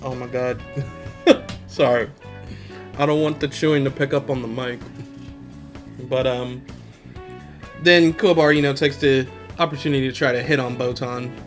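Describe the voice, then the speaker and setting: A man's voice: mid-range voice, steady tone, normal speed, pauses often, soft background music. A young man hosting a podcast, casually recapping an anime episode in slang and laughing often. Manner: slangy, laughs often, quotes characters in his own voice. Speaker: podcast host.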